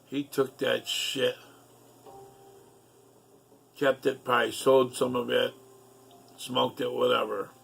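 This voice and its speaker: Gravelly middle-aged man telling rambling stories. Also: mid-range voice, level tone, slow pace, long pauses, fairly bright tone. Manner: profane, rambling, aggrieved. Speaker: storyteller. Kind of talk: casual storytelling.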